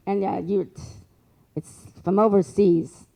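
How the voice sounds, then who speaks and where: A woman's voice: medium pitch, fairly even intonation, takes it slowly, vocal fry, mellow. A woman imitating an older woman psychic who speaks emphatically, stumbling and repeating words as she insists on her visions. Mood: insistent.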